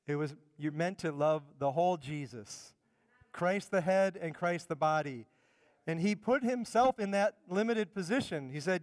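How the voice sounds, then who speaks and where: Middle-aged male pastor, conversational sermon delivery, smooth resonant voice slightly high for a man, long church reverb. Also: expressive, normal speed. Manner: conversational preaching, repeats words while building points. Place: church sanctuary.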